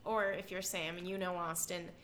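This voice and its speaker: A woman's voice: fairly low pitch, flat delivery, moderate pace, a bit bright, slight background noise. A woman co-hosting a casual podcast chat, teasing her friend and giggling as she mimics people. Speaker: podcast co-host.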